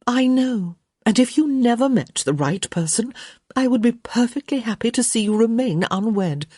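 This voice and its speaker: A woman reading a fretting, matchmaking society mother from an audiobook, her voice raised a little above the narration and breathy. She presses and coaxes with a lively, rising and falling delivery, recorded close and dry. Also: a little high, moderate pace, no room sound, voice pushed up. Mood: coaxing. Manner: insistent, coaxing.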